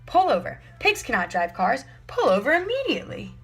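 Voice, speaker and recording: A woman doing a pompous storybook policeman, earnest and formal, bellowing orders through a bullhorn. Gravelly tone, faint music underneath. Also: mid-range voice, big pitch swings, a little fast, exaggerated voice. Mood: commanding. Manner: formal, loud bullhorn commands. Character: self-important male police officer, earnest and formal.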